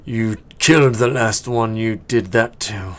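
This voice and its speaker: A man voicing a brash male orc adventurer in a tabletop game, loud and raised in pitch. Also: a little slow, lightly acted.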